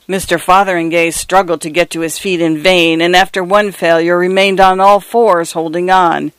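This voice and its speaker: A man reading a story aloud in a measured, dramatic way. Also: high-pitched, flat delivery, a bit bright, clean tone, no echo, low-quality recording. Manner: dramatic, measured, lingering on phrases. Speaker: narrator. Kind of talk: storybook narration.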